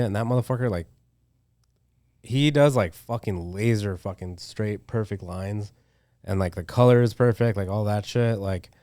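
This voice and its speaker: A man's voice: on the low side, a little mellow, dry recording, studio quality. A young man, a tattoo artist, chatting loosely on a podcast with lots of slang, swearing and filler words. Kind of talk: casual podcast chat.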